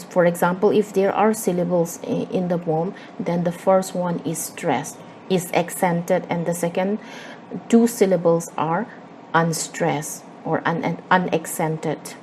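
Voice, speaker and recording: A woman with a Manipuri English accent teaches a poem in an explanatory lesson, pausing often on fillers and repeating herself. Her voice sits slightly low and sounds mellow and soft-edged, with a faint hiss of background noise. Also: low-quality recording. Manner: explanatory, with frequent fillers and repetitions. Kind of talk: classroom-style literature lesson.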